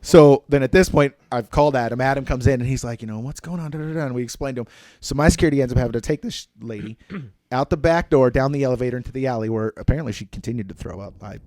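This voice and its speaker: A man with an ordinary mid-range voice rattles through a bar story at high speed, slipping into the voices of the people in it. The sound is dry and close, with no room around it. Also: dry recording. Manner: fast animated storyteller, acts out quotes, crude jokes. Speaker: podcast co-host, bar security lead. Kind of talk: casual storytelling chat.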